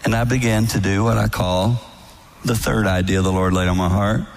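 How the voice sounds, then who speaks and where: A man giving a sermon-style talk to a live audience, telling folksy stories with soft, whispered asides. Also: lowish voice, fairly even intonation, normal speed, creaky. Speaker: speaker at a marriage event.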